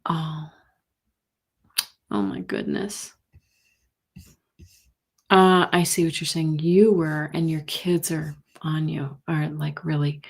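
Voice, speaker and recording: A middle-aged woman hosting a live tarot reading stream, talking gently and sympathetically with many pauses and fillers. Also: sits low, little pitch movement, creaky, breathy edge. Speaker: intuitive reader, host.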